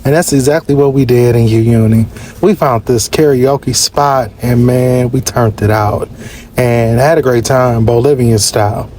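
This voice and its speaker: Travel vlogger, man, mid-pitched, casual slang, lively swings up in pitch, faint noise behind. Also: unhurried. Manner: animated, slangy storyteller with big pitch jumps. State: short of breath at altitude. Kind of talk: casual travel vlog narration.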